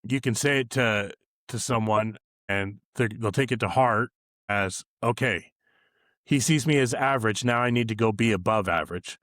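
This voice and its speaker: Brief: male interviewer, youth coach, halting and filler-heavy, dry sound. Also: fairly low pitch, a bit bright, dry recording. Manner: halting, thinks aloud with fillers. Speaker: podcast host and youth coach. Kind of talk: casual interview questions.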